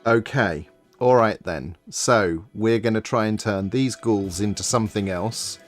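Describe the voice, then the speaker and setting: A man's voice: on the low side, soft background music. A man co-hosting a livestream, talking in a casual, easygoing way. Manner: unhurried, easygoing, chuckling. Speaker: co-host of a developer livestream.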